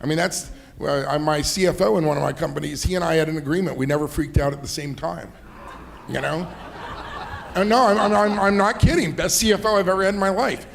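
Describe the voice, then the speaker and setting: A man's voice: on the high side, fairly quick, vocal fry, slight background noise. A middle-aged man, an entrepreneur and investor, talking in a fireside chat, rambling through anecdotes with many "you know"s and laughs. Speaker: entrepreneur and investor, interview guest.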